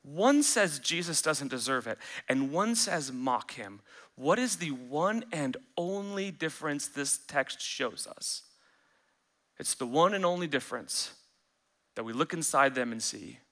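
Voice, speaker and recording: A man preaches a sermon, his bright, fairly high voice swinging into the voices of the people he quotes. He is the pastor of the church, and his delivery is animated and lively. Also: unhurried.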